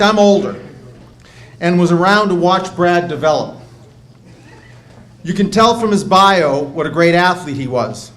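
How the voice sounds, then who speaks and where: A man, introducing a hall of fame inductee in a measured, gently humorous speech. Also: a little high. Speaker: presenter at induction ceremony. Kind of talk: prepared speech. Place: banquet hall.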